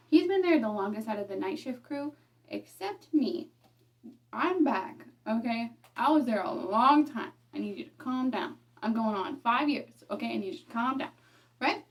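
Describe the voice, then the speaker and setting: A woman's voice: fairly high pitch, a little mellow, recorded from a distance. A young woman venting frankly in a get-ready-with-me chat, swearing often and checking in with "okay?". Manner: frank, swears freely, keeps saying "okay?"; ranting and exasperated. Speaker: vlogger.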